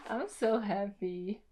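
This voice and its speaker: Excited young woman unboxing. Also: a little high, husky. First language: Tetum. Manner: excited, gushing, lots of laughs. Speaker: beauty vlogger. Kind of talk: casual unboxing vlog.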